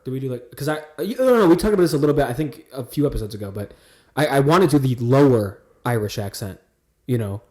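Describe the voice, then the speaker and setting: A man's voice: mid-range voice, expressive, fast, dark tone. A man hosting a casual comedy podcast, joking around and trying out silly put-on accents. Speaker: podcast host.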